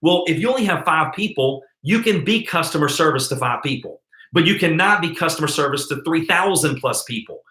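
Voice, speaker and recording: A man giving an emphatic, energetic network marketing training talk straight to his viewers. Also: on the high side, brisk, echoey room.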